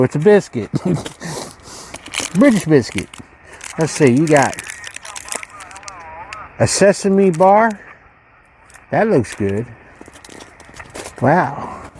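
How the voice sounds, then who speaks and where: A man hosting a casual unboxing video, musing aloud in a slow, rambling way as he goes through a ration pack. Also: on the high side, a little mellow, slight background noise, low-quality recording. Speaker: channel host reviewing ration packs.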